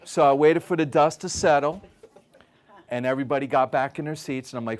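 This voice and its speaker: A man presenting at a wellness event, telling his stories with lively energy. His voice sits in a mid register, and he keeps checking in with the audience through a steady stream of "okay?". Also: mid-range voice, a little fast. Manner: animated storyteller, frequent "okay?" check-ins. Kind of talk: live talk with stories.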